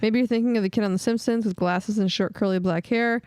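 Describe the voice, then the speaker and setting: A woman co-host with a mid-range voice who reads viewer comments aloud. She trades dry, deadpan quips in an easy conversational tone. Her voice is close and dry, with no room sound. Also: mid-range voice, fast, clean tone, dry recording. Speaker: podcast co-host reading chat. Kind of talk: casual chat.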